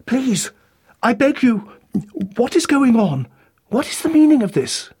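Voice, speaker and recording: A man's voice: fairly high pitch, very animated, a little slow, a little mellow, husky, no echo, studio quality, pitched above the performer's own voice, full character voice. A man voicing a frantic grieving husband. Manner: pleading, breathless and frantic. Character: distraught grieving husband, middle-aged man. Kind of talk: audiobook character voice.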